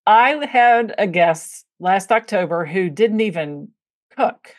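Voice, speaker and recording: Speaking slowly with lively intonation, a medium-pitched woman hosts a laid-back podcast interview, rambling through stories with many fillers. The sound is clean studio audio without echo.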